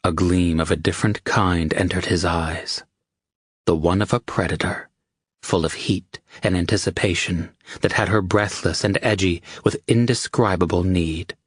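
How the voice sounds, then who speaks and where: A man narrating an audiobook with a steady, measured reading. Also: low-pitched, breathy edge, dry recording, studio quality. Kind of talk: scripted narration.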